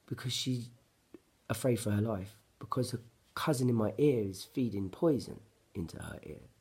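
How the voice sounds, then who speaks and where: A man's voice: lowish voice, normal speed, warm tone, breathy edge. A man, telling a personal story to camera in an agitated, profane, blunt ranting way. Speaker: vlogger.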